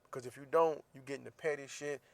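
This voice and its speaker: A man's voice: medium pitch, fairly even intonation, fast, creaky, dry recording. A man in his thirties hosting a casual podcast, telling a teasing story and acting out the dialogue, then giving earnest advice. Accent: US Southern. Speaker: podcast host.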